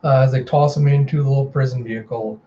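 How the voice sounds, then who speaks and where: A man's voice: medium pitch, steady tone, quick pace, warm tone. A man chatting casually as he reads through and reviews a comic book, retelling it animatedly. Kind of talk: casual readthrough narration. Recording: slightly dull home recording with fan hum. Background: fan running.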